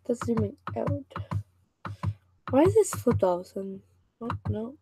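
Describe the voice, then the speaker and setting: A woman's voice: fairly high pitch, sing-song, moderate pace, warm tone, soft background music, poor audio. A woman casually reading a novel aloud, stumbling and restarting over words now and then. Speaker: reader and channel host.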